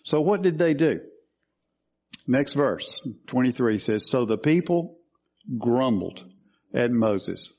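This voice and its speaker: A man's voice: medium pitch, animated, slow pace, pauses often, darkish tone, muffled recording. A man preaching a sermon, teaching through scripture and asking questions of his listeners. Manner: teaching, asks questions of the congregation.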